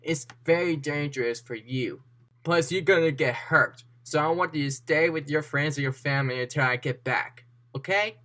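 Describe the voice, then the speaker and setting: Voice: mid-range voice, normal speed, a bit bright, lightly acted. A storyteller voicing a brave superhero woman who speaks earnestly and protectively.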